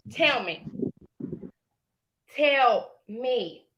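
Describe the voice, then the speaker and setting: Woman, bright edgy tone, heated livestream, brash and threatening. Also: mid-range voice, lively intonation, normal speed, a little hiss or hum. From Indiana, United States. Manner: brash, threatening, sassy trash talk. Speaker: livestream caller.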